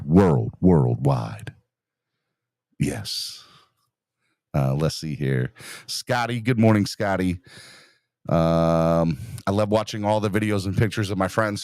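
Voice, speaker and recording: A man's voice: sits low, no room sound, studio quality. A man hosting a live sports podcast, upbeat and greeting viewers in the chat by name. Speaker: podcast host. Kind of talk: casual live-stream chat.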